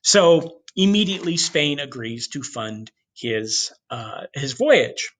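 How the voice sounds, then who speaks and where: A man giving a history lecture in an animated storytelling way, with casual asides to the class. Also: medium pitch, slow pace. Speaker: history teacher.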